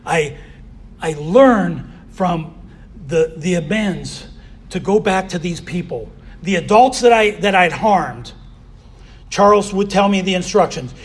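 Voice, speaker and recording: A man's voice: high-pitched, lively intonation, takes it slowly, husky. A man giving a candid personal recovery share as a convention speaker, often saying "you know".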